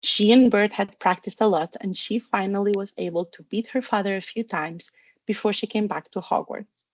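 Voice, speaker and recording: A woman narrating a fan fiction storybook with steady, even reading. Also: mid-range voice, normal speed, no room sound. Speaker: audiobook reader.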